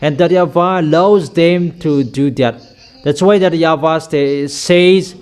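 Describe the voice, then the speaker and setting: A man preaching a sermon in halting, repetitive English, delivering emphatic commands and addressing his listeners as children. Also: fairly high pitch, a little mellow, smooth. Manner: halting non-native English with repeated phrases.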